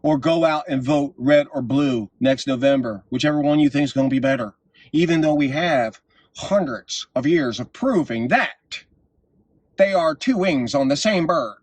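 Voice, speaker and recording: A man hosting his own vlog, delivering an impassioned political monologue and telling stories, his voice swinging up to shouts at the climaxes. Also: on the high side, normal speed, no room sound. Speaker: vlog host.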